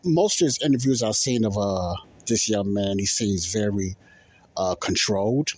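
A man's voice: lowish voice, moderate pace, darkish tone. A middle-aged man hosting a podcast, talking loosely and repeating himself as he comments on video clips. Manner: loose, repetitive, keeps asking if you understand. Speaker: podcast host.

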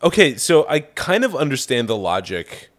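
A man with a mid-range voice that swings widely in pitch as he reacts in a casual podcast chat. He curses freely and sounds openly incredulous at every turn of the story. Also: very animated, moderate pace. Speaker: podcast co-host. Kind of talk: casual true-crime chat.

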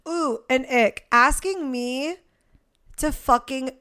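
A young woman with a slightly high voice, co-hosting a podcast in casual, unfiltered chat. She is blunt and profane and speaks frankly. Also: takes it slowly, sharp tone, clean tone. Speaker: podcast co-host.

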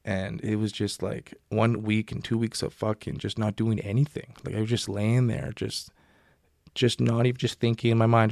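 A man's voice: on the low side, gravelly, dry recording, studio quality. A young man hosting a podcast, telling a long story in a casual, profane, rambling way and acting out his own past words. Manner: profane, rambling, animated when quoting himself. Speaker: podcast host and football player.

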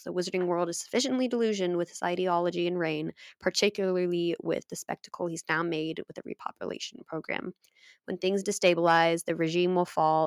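A woman's voice: lowish voice, creaky, dry recording, clean studio sound. A woman reading as a cold, bitter young wizard.

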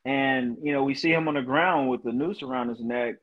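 A man's voice: medium pitch, brisk, dull audio. A man, a veteran, telling his personal story in an earnest, emotional way as a podcast guest, often saying "you know". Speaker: guest, Marine veteran and motivational speaker.

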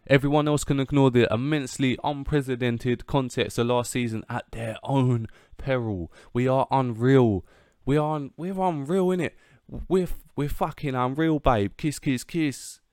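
A man's voice: lowish voice, a little mellow, clear, resonant tone, no echo, studio quality. A young man giving casual, brash football fan commentary, swearing and chanting hype.

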